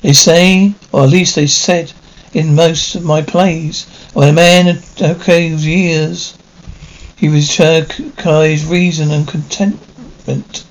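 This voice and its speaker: An older actor playing a melancholy aging stage star in a 1950s television drama, talking in a wistful, theatrical way. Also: male voice, fairly high pitch, steady tone, slow pace, poor audio. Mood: weary, melancholy. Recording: faint hiss of an old TV soundtrack.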